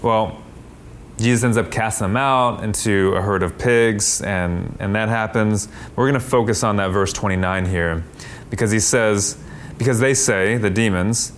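A man preaching a sermon, animated, acting out quoted lines with a raised, louder voice. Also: normal speed, a little hiss or hum. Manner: animated, acts out quotes with rising pitch and loudness. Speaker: pastor.

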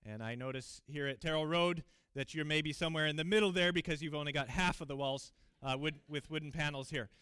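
A man's voice: fairly high pitch, a little fast, hardly any pauses, fairly bright tone, clean tone, no room sound. Earnest, emphatic male preacher. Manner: earnest, emphatic, with fillers and restarts. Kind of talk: sermon with scripture reading. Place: church.

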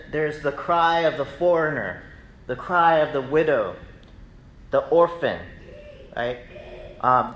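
A man preaching a sermon in a church, talking to the congregation in a loose, conversational way. His voice is bright and sits a little high, and his storytelling gets animated. The room is echoey, with a faint hum of ambience behind him. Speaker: pastor. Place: church sanctuary.

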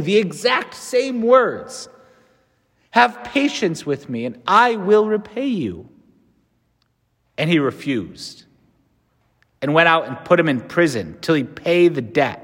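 A man, a priest, giving a spoken meditation on scripture. He is earnest and builds to emphatic peaks, then drops into casual asides. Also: sits high. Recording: long reverb in a large room.

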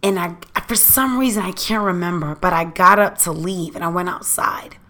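A young adult woman telling a candid, profane dating story in a casual, animated chat. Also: on the low side, moderate pace.

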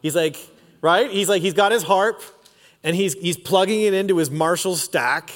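A pastor in his forties preaches a sermon in a casual, slangy storytelling style. His voice sits high and moves at a normal speed. Recorded in a church auditorium, it carries the long reverb of a large hall.

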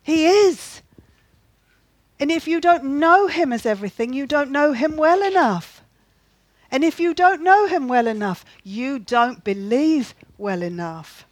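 An earnest woman preaching, her voice sitting a little high, stressing points by saying them twice and checking in with questions to her listeners. The sound is dry and close, with no room echo. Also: expressive, measured pace. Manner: earnest, repeats key phrases, asks the listeners questions. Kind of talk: sermon.

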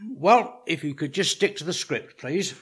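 A man's voice: a little high, lively intonation, moderate pace, a bit bright, husky. A man playing a prim casting director. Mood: officious. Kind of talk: comedy sketch acting.

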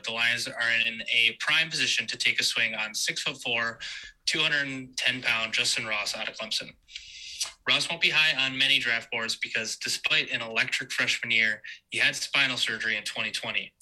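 A man reading a scripted sports analysis aloud, steady and fluent. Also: medium pitch, poor audio.

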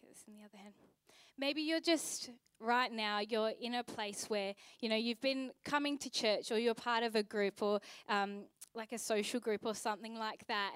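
Young woman pastor, relaxed chatty sermon, smooth clear voice, dry close sound. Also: fairly high pitch, no echo. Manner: conversational, chatty with fillers and asides.

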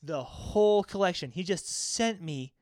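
Guy cohosting a podcast, kinda high voice, animated storyteller, swears a lot, dry close mic. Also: measured pace, no echo, faint music behind. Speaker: podcast co-host. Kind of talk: casual chat.

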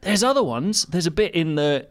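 A man's voice: fairly high pitch, moderate pace. Laughing man chatting. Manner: laughing, animated storytelling. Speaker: podcast co-host. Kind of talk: casual chat.

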